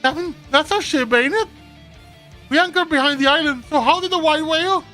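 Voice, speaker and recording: A man voicing a jittery, excitable young pirate lackey in a fan voice-over of game dialogue. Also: extremely high pitch, brisk, faint music behind, pitched above the performer's own voice.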